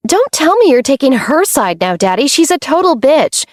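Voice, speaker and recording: A woman's voice: high voice, big pitch swings, moderate pace, no echo, clean studio sound, voice pushed up. A woman voicing a spoiled, bratty teenage stepsister with a snappy, petulant delivery. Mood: snide.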